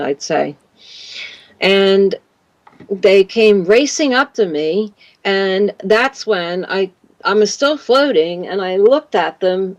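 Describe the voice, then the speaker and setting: A woman's voice: medium pitch, darkish tone, no echo. Woman telling a rambling story, dull line. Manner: rambling, with many fillers and restarts. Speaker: guest. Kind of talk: storytelling in an interview.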